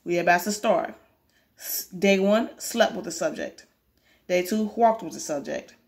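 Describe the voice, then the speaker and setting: A woman's voice: on the low side, measured pace, vocal fry. A woman casually reading a webcomic aloud, with chatty asides to her viewers. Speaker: comic reader.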